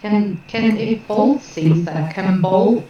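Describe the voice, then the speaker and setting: A woman's voice: mid-range voice, slow, dark tone, slight background noise. A woman from the UK playing a tabletop game, hesitant and thinking aloud as she asks about her character. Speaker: player. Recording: distant dull mic in a very echoey room.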